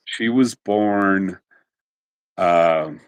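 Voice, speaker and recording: Middle-aged man telling lively stories. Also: low-pitched, smooth. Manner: animated storyteller, quick to laugh. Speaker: interview guest. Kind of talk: casual storytelling interview.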